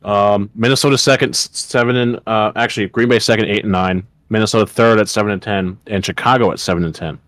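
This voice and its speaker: Young man talking football, low voice. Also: steady tone, quick pace, few pauses, fairly bright tone, dry recording. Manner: puts on a jokey Midwestern voice. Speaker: podcast co-host. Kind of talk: casual sports chat.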